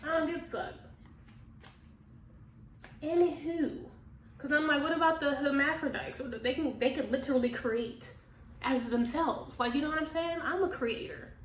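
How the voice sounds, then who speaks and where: Woman, tarot reader, high voice, blunt and foul-mouthed, casual chat, distant mic, echoey room. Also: moderate pace, long pauses, slight background noise. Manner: blunt, profane, laughs often.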